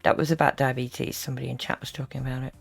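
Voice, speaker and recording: A woman's voice: extremely low pitch, little pitch movement, rapid-fire, vocal fry, faint music behind. A woman giving dry, wry commentary over a played stream. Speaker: reaction video commentator.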